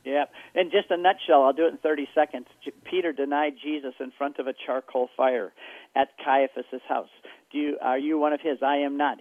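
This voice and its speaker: A man giving an animated, storytelling-style account as a guest on a radio interview, heard over a phone line. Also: on the high side, brisk, dry recording. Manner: animated storytelling, acting out characters.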